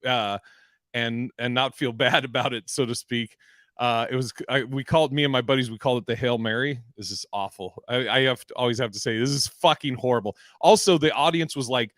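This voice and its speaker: A man's voice: mid-range voice, fairly quick, fairly bright tone, no room sound, clean studio sound. A man hosting a comedy podcast, telling stories in rambling, profane casual chat with many restarts.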